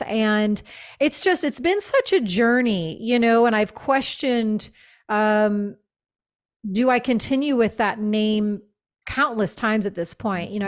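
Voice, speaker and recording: A woman's voice: medium pitch, smooth. Earnest woman shaman telling her story. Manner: reflective, earnest, many fillers and restarts. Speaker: shaman, podcast guest. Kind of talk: conversational interview storytelling.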